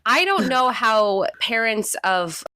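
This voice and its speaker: A woman's voice: a little high, big pitch swings, takes it slowly, bright, forceful tone, smooth, no echo, studio quality. A woman in her thirties co-hosting a podcast in casual chat, nasal and stuffy from a cold, telling stories with laughs. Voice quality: stuffy, plugged nose. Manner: chatty, laughing storyteller. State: sick with a cold. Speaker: podcast co-host.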